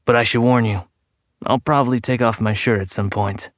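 A man voicing a worried young man in an audiobook reading, speaking softly and anxiously. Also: medium pitch, steady tone, normal speed, no room sound, studio quality, lightly acted. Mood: earnest. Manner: soft, anxious. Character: worried young man searching for his sister.

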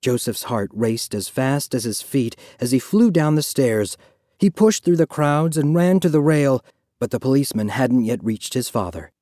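A man reading a novel aloud as narrator, measured, dropping low and quiet in somber passages. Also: animated, no room sound, studio quality. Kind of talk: audiobook narration.

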